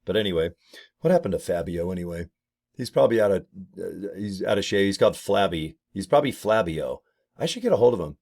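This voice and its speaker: Casual middle-aged male vlogger, slightly low voice, joking asides, talks to webcam. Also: lively intonation, quick pace, a little mellow. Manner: joking, rambling, slips into silly voices for bits. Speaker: network marketing vlogger. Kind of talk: casual rambling webcam vlog. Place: home office with ring light.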